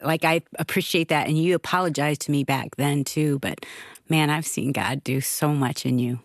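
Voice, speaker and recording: A woman co-hosting a radio show, talking in a warm, appreciative way. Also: deep voice, normal speed, no echo, clean studio sound. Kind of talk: casual studio conversation.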